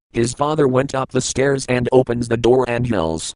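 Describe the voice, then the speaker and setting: A man in a hotel room reading a children's picture book aloud, plain and halting, with small grammar slips. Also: mid-range voice, a little mellow, dry recording, poor audio.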